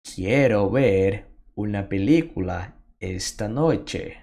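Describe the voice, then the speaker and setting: Very slow-paced Spanish lesson voice. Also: low voice, animated, creaky, mellow. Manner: slow, deliberate drilling with pauses for repetition. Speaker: Spanish teacher. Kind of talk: slow beginner language lesson.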